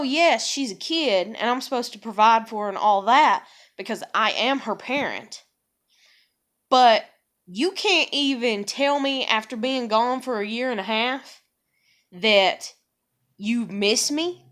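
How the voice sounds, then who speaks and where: A middle-aged woman with a high-pitched voice ranting bluntly and profanely to camera. She talks casually and heatedly, acting out quoted exchanges as she vents about being taken for granted. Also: unhurried, a bit bright. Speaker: parent venting about relationships. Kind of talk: casual vlog rant.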